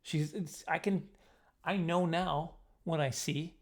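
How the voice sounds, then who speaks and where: A middle-aged man telling a self-mocking comic story to camera in a casual, animated way. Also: slow. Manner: animated, self-mocking, jumps into high squeaky voices for his younger self. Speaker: comedian storyteller.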